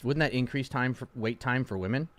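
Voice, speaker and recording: A man's voice: medium pitch, a little fast. Swearing, stammering young man riffing on posts. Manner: loud swings, swearing, stammering restarts. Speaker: streamer reacting to posts. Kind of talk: casual profane reaction chat.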